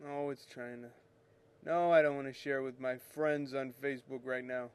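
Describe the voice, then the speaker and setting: A man's voice: mid-range voice, steady tone, moderate pace, clean tone. A man hosting a photo retouching show, explaining scanner settings in a chatty, rambling way that corrects itself as he works at his computer. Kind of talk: casual screen-share tutorial.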